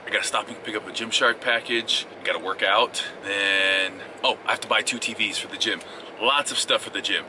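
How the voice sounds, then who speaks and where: A young man chatting casually to camera in a playful, teasing vlog. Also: fairly low pitch. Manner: playful, teasing, laughs a lot. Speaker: vlogger. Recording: echoey room, faint noise.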